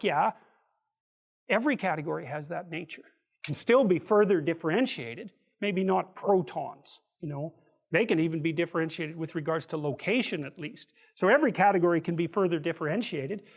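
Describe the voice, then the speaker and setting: High-voiced man giving a rambling lecture. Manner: rambling, restarts phrases, vivid storytelling asides. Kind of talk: university lecture.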